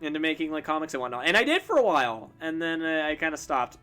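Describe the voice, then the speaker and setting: A man's voice: on the high side, expressive, fast talker, hardly any pauses, pushed and bright, faint music behind. A young man chatting casually while drawing on a live stream, rambling and self-deprecating, with lots of fillers and restarts. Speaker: streamer and artist.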